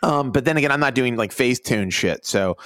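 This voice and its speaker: Casual co-host, man, sardonic rambler, animated delivery, dry close mic. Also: mid-range voice, brisk, dry recording. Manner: rambling, sarcastic, mocking bro impressions. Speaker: editor and co-host. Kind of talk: casual chat.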